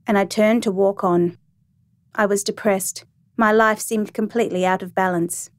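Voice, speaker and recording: A woman narrating a first-person story in a calm, even, reflective reading voice. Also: medium pitch, normal speed, no room sound.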